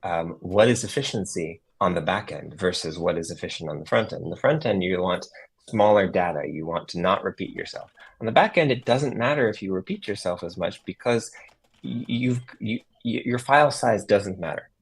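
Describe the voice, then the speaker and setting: A low-voiced man co-hosts a relaxed web development stream, easygoing and quick to agree. His voice is deep and a little husky. He talks through ideas in an unhurried, friendly way. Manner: easygoing, agreeable, frequent short replies. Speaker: co-host. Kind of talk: casual livestream chat about web development.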